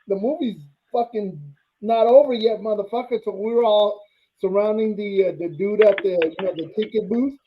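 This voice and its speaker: High-voiced laid-back man, lo-fi sound. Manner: laid-back, cursing, says bro a lot. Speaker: podcast co-host. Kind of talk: profane casual sports chat. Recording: dull lo-fi audio.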